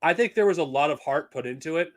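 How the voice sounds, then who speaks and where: A man's voice: fairly high pitch, lively intonation, fast talker. A man talking casually on a live stream, blunt and profane, rambling with frequent restarts. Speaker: streamer reviewing comics and films.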